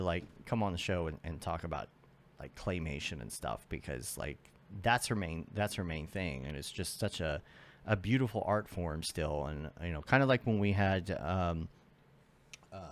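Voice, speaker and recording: A man's voice: deep voice, animated, normal speed. A man hosting a podcast in casual interview chat, rambling and trailing off as he searches for his thoughts. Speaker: podcast host.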